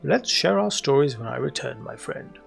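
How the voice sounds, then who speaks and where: A wise old wandering wizard in a cozy fantasy game, kindly but cryptic, teasing with his answers. He speaks with a gravelly edge over soft game music. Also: mid-range voice, expressive, normal speed. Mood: wry, cryptic.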